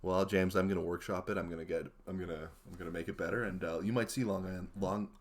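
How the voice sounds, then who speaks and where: Man, very low voice, laughs often, halting, lots of fillers. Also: steady tone. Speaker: comedy performer. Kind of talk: casual comedic chat.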